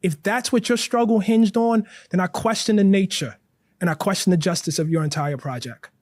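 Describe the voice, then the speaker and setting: High-voiced, passionate male author. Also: darkish tone, dry recording. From northern United States city. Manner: passionate, deliberate, building arguments. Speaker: author and interview guest. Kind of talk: earnest interview answer.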